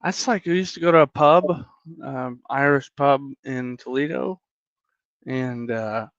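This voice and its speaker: American male host, relaxed chatter, dry close lo-fi audio. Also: mid-range voice, measured pace, no room sound. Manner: easygoing, laughs along. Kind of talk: casual chat.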